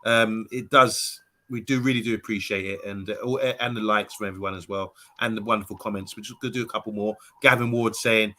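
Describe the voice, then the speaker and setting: A man hosting a live stream, chatty, reading viewer messages aloud and trailing off softly. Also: lowish voice, steady tone, fairly quick, few pauses. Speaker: stream host reading chat.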